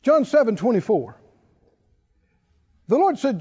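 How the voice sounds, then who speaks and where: Male preacher, very high and lively voice, slow deliberate delivery, dull sound with long hall reverb. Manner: preaching with laughs and rising exhortation. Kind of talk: sermon.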